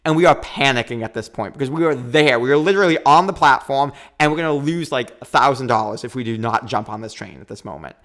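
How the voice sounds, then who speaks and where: A man in his thirties, a podcast guest, telling a long story in a lively, quick way and acting out what people said. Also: medium pitch. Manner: animated, quick storytelling with acted-out quotes. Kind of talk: storytelling in a casual interview.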